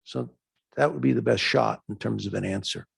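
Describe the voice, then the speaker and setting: A man giving an animated answer in a lecture question period, acting out dialogue as he tells a story. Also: brisk, creaky, breathy edge, no echo. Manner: animated storytelling, acts out dialogue in raised pitch. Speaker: guest lecturer. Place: lecture hall.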